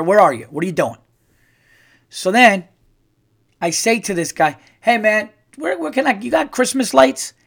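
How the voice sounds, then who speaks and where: Profane, ranting podcast host, a man. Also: a little high. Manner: profane, animated storytelling with acted-out quotes. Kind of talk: ranting comedic monologue.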